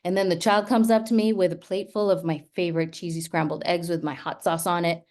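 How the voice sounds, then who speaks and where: A teacher and speaker with a fairly low-pitched voice moves briskly through a storytelling talk. Lively in manner, she frequently checks in with the audience through "right?" asides.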